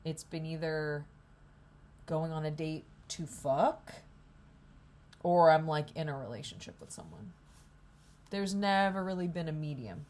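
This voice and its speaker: A woman's voice: low voice, unhurried, long pauses, darkish tone. A young woman rambling in a candid, profane vlog at a coffee shop, hungover. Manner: rambling, profane, self-deprecating. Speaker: vlogger.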